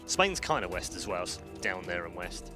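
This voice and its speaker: A man's voice: low voice, very animated, normal speed, over music. A man from the UK, hosting an esports panel in a chatty, teasing way. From United Kingdom. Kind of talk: casual panel chat.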